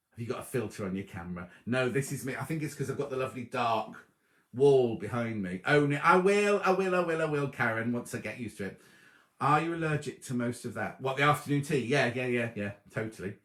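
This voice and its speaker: A man's voice: mid-range voice, lively intonation, fairly quick, a bit bright, roomy sound. A man, hosting a sewing livestream and chatting casually as he reads out viewers' comments and thanks them by name. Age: 50s. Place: home room before a dark wall.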